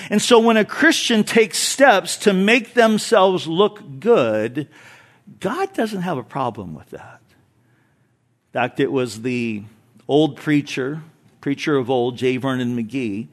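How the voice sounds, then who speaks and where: A male pastor preaches an expository sermon to his congregation in a fairly high voice, his pitch swinging widely as he stresses points and then dropping into quiet asides. He is animated and emphatic, slipping light jokes in between points.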